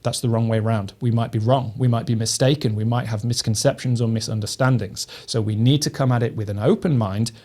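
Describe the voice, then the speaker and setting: Guy teaching drums, steady and methodical, average pitch, explains step by step. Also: brisk, few pauses. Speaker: drum teacher. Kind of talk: instructional lesson.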